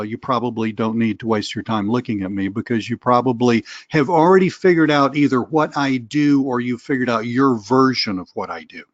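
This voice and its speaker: A man's voice: medium pitch, no echo, muffled recording. A middle-aged man with a Southern US accent, talking casually and rambling as a coach on a webinar. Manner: chatty, rambling, self-deprecating, occasional cursing. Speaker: online business coach.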